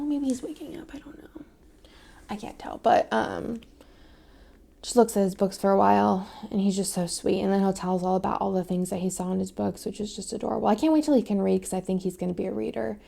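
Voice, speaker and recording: A woman's voice: mid-range voice, fairly even intonation, fast talker, gravelly, warm tone. A young woman chatting casually and rambling while she decorates her planner, with many fillers and drops into a whisper now and then. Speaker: planner vlogger.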